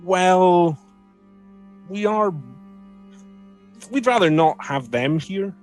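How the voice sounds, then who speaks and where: Male GM doing a nervous, stammering young woman clerk in a tabletop game, voice pitched up. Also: expressive, measured pace, faint music behind. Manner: stammering, flustered and apologetic.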